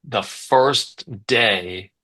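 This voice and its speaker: A man's voice: medium pitch, very slow, pushed and bright, rough recording. A man in his twenties, a guest telling a story in a casual podcast chat, rambling with lots of fillers and restarts. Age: 20s. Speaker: guest, business owner.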